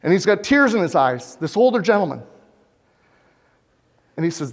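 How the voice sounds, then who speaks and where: A man's voice: high-pitched, big pitch swings, moderate pace, long pauses. A man from Canada, a farmer giving a presentation in a conference hall on a lapel mic, talking earnestly and putting questions straight to his audience. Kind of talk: public presentation. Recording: long reverb of a hall.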